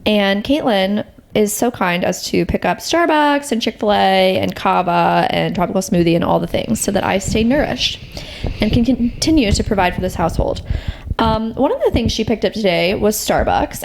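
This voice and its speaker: A woman's voice: medium pitch, vocal fry, a little hiss or hum. Chatty playful woman podcast co-host. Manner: chatty, playful, quick to laugh. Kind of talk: casual chat.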